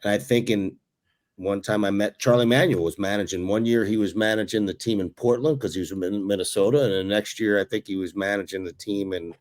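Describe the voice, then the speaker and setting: Low-voiced man telling baseball stories. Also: a little fast. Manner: animated storyteller who chuckles while recalling. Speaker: podcast co-host, former pro ballplayer. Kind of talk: casual sports chat.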